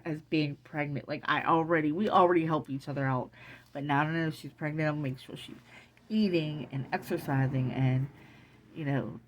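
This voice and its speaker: A middle-aged woman in an emotional casual vlog, excited and teary, rambling with many restarts. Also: low-pitched, slight background noise. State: teary from crying. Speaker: vlogger.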